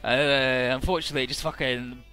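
A man casually recapping a video game story, rambling with filler words and quick character voices. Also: mid-range voice, steady tone, bright, forceful tone, faint music behind. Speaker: let's play narrator.

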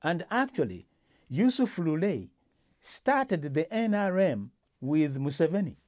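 A man's voice: on the high side, sing-song, a little slow, darkish tone. A male host in a casual political discussion, talking with many restarts and fillers.

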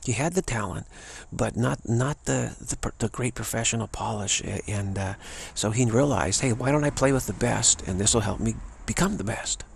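A man's voice: on the low side, normal speed, few pauses, a little hiss or hum. A man giving a rambling, casual spoken talk as a teacher, stammering and restarting often. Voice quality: gravelly, raspy voice. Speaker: spiritual teacher.

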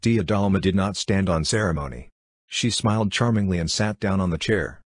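Male audiobook narrator, steady, deep voice, dry close sound. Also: normal speed, no echo. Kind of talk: scripted narration.

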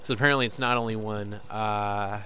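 A man's voice: lowish voice, fairly even intonation, a little fast, pushed and bright, soft background music. A man giving loose, sarcastic gameplay commentary with frequent swearing. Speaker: let's play gamer.

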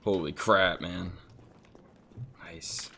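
Young male gamer host, casual play commentary, swears a lot; low voice. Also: steady tone, drawn-out words, vocal fry, slight background noise. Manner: swears often, reacts loudly then mutters. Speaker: gaming channel host.

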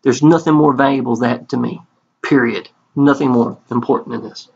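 A man's voice: medium pitch, fairly even intonation, a little fast, gravelly, husky. Folksy man with a dull lo-fi sound. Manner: earnest and folksy, calls out to viewers again and again. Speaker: network marketing promoter. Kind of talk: casual sales pitch over a screen tour. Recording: dull lo-fi recording.

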